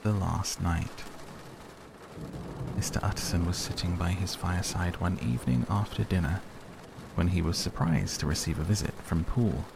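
Man reading a sleep audiobook, low voice, gravelly, steady rain behind. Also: background noise. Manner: measured, soothing. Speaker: audiobook reader. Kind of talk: slow, calm bedtime audiobook narration.

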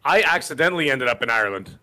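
A man's voice: medium pitch, lively intonation, fast, sharp tone. A man with a Canadian accent co-hosting a casual gaming podcast, telling rambling, jokey stories. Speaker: podcast co-host.

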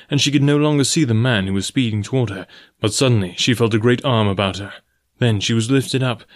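A man narrating a classic adventure novel in a measured, even storytelling voice. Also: medium pitch, dry recording, clean studio sound. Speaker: audiobook narrator. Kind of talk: scripted narration.

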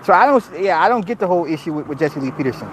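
A man giving casual livestream commentary, animated and laughing often, swearing freely and restarting his sentences. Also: fairly high pitch, racing, background noise. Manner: frequent restarts and repeated words. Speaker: streamer reacting to viewer comments.

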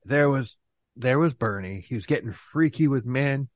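A man's voice: medium pitch, measured pace, no echo. A man hosting a casual podcast chat, joking sarcastically and laughing often. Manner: dry sarcastic humor, frequent laughing. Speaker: podcast host.

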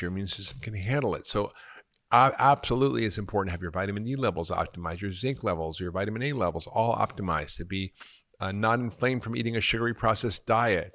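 A middle-aged doctor hosting a podcast, answering listener questions in an energetic, emphatic way and laughing at himself now and then. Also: male voice, on the low side.

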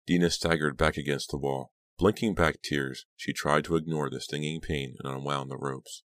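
A man narrating an audiobook in a steady, measured way. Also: extremely low pitch, no echo. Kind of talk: scripted narration.

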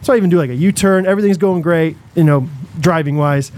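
A young man, co-hosting a podcast, telling a long story in a rambling, animated way full of fillers and restarts. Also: fairly high pitch, fast talker. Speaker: podcast co-host. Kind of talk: casual storytelling chat.

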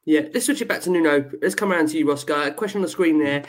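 Fast-talking male podcast host. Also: on the high side. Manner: brisk, steering the panel with questions. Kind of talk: hosting a podcast discussion.

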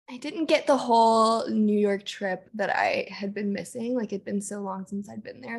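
A woman's voice: mid-range voice, moderate pace, creaky, hardly any pauses. Young woman, podcast co-host, loose chatty storyteller who swears freely. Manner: chatty storyteller, swears, says "like" and "literally" a lot. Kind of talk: casual chat.

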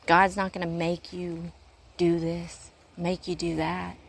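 A woman's voice: fairly low pitch, monotone, slow pace, gravelly, slightly rough. A woman who works in urgent care, talking in a casual faith-based monologue, earnest and rambling with a preachy streak, pacing as she talks. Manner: paces while talking.

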